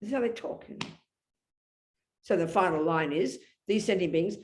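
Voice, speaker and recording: A woman's voice: fairly low pitch, normal speed, long pauses. A woman giving a Buddhist dharma talk to an audience, blunt and emphatic, often checking in with her listeners. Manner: emphatic and animated, often asks the audience "you know?"; blunt, outspoken. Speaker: Buddhist teacher.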